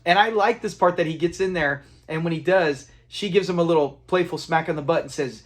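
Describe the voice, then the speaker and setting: A man's voice: a little high, fairly quick, hardly any pauses. A man casually recapping a classic sitcom episode, retelling scenes, acting out quotes and chuckling along. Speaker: TV episode reviewer.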